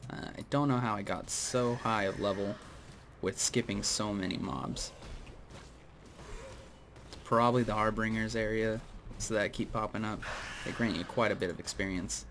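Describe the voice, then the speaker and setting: A man with a low voice gives casual gameplay commentary and wanders into opinionated tangents aimed at his viewers. His throat sounds dry and needs frequent clearing. A faint hiss sits under the recording. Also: steady tone, normal speed, long pauses, fairly bright tone. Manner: rambling, opinionated tangents, addresses viewers directly. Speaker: gaming video host.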